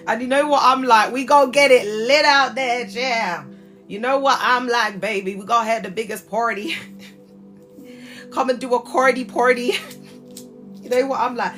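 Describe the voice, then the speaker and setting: A British woman hosting a casual livestream chat, talking in lively slang and laughing often. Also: a little high, unhurried, long pauses, faint music behind. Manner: chatty and animated, laughs often, heavy slang. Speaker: livestream host.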